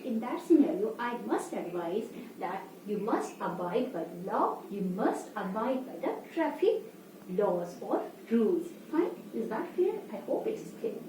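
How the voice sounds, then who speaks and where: A woman's voice: high voice, dark tone. A woman teacher with an Indian English accent, explaining grammar in a lesson and often asking "fine?" to check understanding. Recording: echoey room, voice from the mic's distance, faint hiss.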